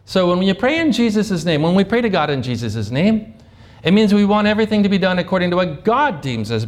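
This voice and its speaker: A man with a notably high voice preaches a sermon. He asks rhetorical questions and acts out sample prayers in lively turns. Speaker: pastor.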